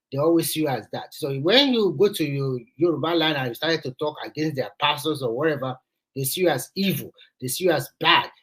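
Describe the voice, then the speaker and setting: Nigerian man, host, husky, a bit high, earnest, repeats himself. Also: a bit bright, rough recording. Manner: earnest, repeats phrases to press a point. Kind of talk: casual discussion.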